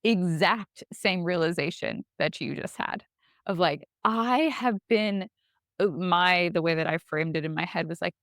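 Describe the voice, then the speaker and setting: Animated woman podcast co-host, dry close mic. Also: fairly low pitch, a little slow, dry recording. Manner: animated storyteller, frequent "like". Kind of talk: casual conversational podcast.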